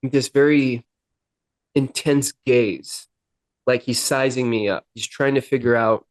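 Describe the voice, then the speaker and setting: A young man, a podcast guest, telling his own story candidly, with halting restarts. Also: medium pitch, steady tone, no echo. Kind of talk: personal storytelling.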